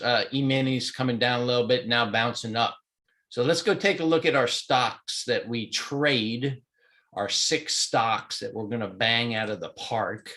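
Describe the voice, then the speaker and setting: A man's voice: medium pitch, a bit bright. A man with a stuffy, sniffly nose, chatting casually through a live stock market walkthrough at home, rambling with plenty of fillers. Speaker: trading mentor. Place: home in Hawaii.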